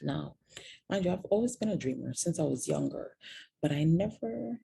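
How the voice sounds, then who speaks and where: A woman's voice: lowish voice, lively intonation, a little fast, vocal fry, mellow, a little hiss or hum. A woman candidly confiding a personal story to viewers in a vlog, sometimes dropping to a whisper on painful details. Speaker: host telling her own story.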